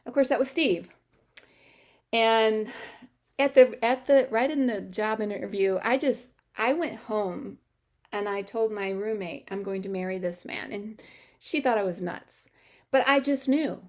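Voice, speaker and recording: A middle-aged woman telling her personal testimony to a church audience, acting out quoted dialogue in an animated way with sudden high-pitched exclamations. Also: unhurried.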